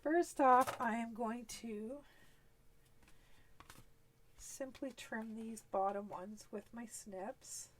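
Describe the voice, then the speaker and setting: Slow and steady in tone, with long pauses, her slightly high voice carries a little hiss or hum. She's a Canadian East Coast woman hosting a live crafting demonstration, chatting easily while working through each step and laughing often.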